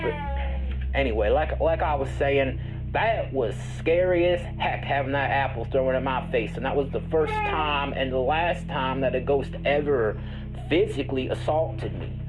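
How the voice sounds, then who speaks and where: A man playing an eccentric, folksy ghost hunter who tells rambling stories with deadpan earnestness in an improvised comedy interview. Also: a little high, muffled recording. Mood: earnest.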